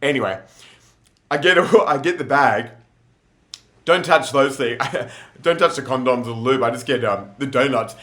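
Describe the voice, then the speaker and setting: A man's voice: medium pitch, moderate pace, a bit bright. A young man telling rambling, laughing, slangy stories in a casual monologue. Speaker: vlogger.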